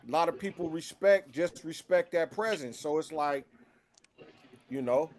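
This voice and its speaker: A man co-hosting a live talk stream, speaking in a halting way with many restarts as he works out his plans. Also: a little high. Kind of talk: casual chat.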